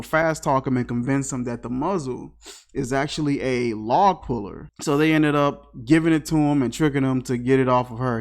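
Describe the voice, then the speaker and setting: A man giving a casual, comedic movie review, riffing with incredulous, slangy asides. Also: mid-range voice. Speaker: film reviewer.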